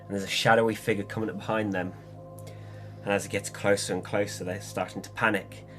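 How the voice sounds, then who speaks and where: A man's voice: on the low side, brisk, soft background music. A young man, co-hosting a casual podcast chat and cracking jokes. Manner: joking, animated, laughs at own jokes. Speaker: podcast co-host.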